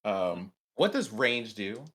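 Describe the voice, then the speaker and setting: A man playing a tabletop game who talks hesitantly, with many pauses and ums. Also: on the low side, very animated, fairly bright tone. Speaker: player.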